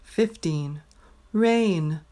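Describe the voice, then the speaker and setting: A woman teaching pronunciation, slowly reading a numbered word list and saying each word twice with careful clarity. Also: on the low side, warm tone. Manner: says each word twice, clearly and deliberately. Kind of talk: slow dictation of a word list.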